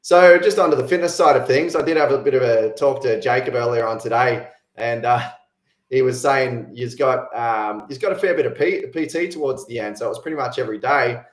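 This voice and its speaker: Male coach host, mid pitch, relaxed halting questions, echoey room sound. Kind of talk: casual interview questions.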